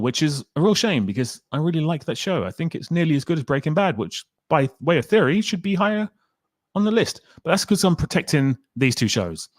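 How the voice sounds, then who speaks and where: A man's voice: mid-range voice, dry recording. Chatty man hosting a livestream. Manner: chatty, rambling, reads comments aloud. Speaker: livestream host. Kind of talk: casual livestream chat.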